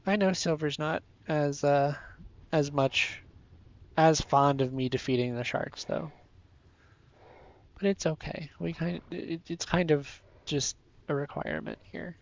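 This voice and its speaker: Streamer, male, unhurried and playful, sleepy edge, dry muffled home mic. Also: fairly high pitch. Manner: playful, sleepy, talks to chat and creatures. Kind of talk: casual gameplay commentary.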